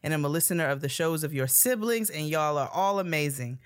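A woman's voice: low voice, lively intonation, fairly quick, no room sound, studio quality. A woman co-hosting a podcast, chatting casually with a laugh, swearing freely and reading a listener's letter aloud. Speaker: podcast co-host.

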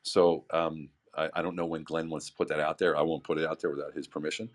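A man's voice: rumbling low, level tone, fast. A man and veteran entrepreneur giving an earnest, impassioned talk on an online call, with frequent restarts. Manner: earnest, stumbling restarts, swings between loud and quiet. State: getting emotional. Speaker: veteran entrepreneur, visionary of the project.

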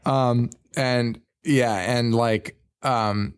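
A man's voice: mid-range voice, smooth. A man hosting a horror podcast, casually recapping a movie with frequent swearing and laughter. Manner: profane, laughing, rambling recaps.

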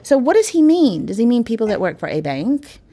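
A woman's voice: on the high side, big pitch swings, a little fast, warm tone. A woman in her forties on a panel, speaking in an emphatic, opinionated way. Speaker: panel guest. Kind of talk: casual panel discussion.

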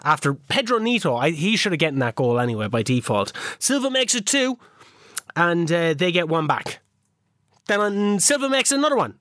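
A man's voice: on the high side, big pitch swings, moderate pace, a bit bright, no echo, studio quality. A man co-hosting a podcast, teasing and joking as he recaps his video game season in casual chat. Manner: teasing, playful, jokey. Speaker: podcast co-host.

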